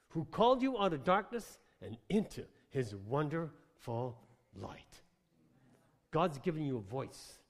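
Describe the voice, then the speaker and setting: A man preaching a sermon with passion, moving between quiet reading and loud declarations. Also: a little high. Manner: impassioned, swings from quiet to shouting. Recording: long hall reverb.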